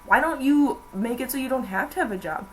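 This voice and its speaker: A woman's voice: sits high, expressive, fairly quick, fairly bright tone, slight background noise, rough recording. Rambling young woman vlogging. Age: young adult. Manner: rambling, chatty, many fillers. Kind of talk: casual chat.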